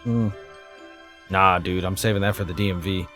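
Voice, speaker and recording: A young man co-hosting a casual gameplay chat, talking in an animated way and swearing freely. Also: low-pitched, moderate pace, faint music behind. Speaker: gaming co-host.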